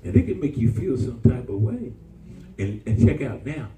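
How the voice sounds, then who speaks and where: Preacher man, lively swooping pitch. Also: moderate pace, muffled recording, a little hiss or hum. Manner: call-and-response preaching, jumps to high excited pitch. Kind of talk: sermon. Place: church. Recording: roomy church from far off.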